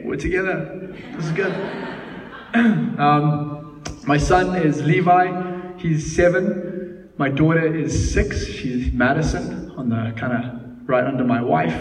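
Preaching man in an echoey hall. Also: medium pitch. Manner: lively, laughing storyteller. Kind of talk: sermon. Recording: echoey hall, mic at a distance.

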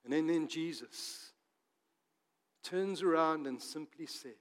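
High-voiced man preaching in echoing church. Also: takes it slowly. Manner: swings from emphatic to hushed and soft. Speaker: pastor. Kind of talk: sermon. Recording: long reverb of a church hall.

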